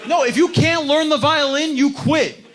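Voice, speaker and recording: On a comedy club stage before a live audience, a young stand-up comedian performs a self-deprecating set, acting out other people's voices. His voice is extremely high-pitched at a moderate pace, and loud crowd laughter fills the recording.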